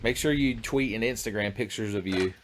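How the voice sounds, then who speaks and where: Casual American male streamer, lowish voice, loose crude humor talking to chat. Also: fairly quick, a little hiss or hum. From United States. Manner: crude, joking, talks to chat. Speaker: livestreamer. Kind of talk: casual gaming livestream chat.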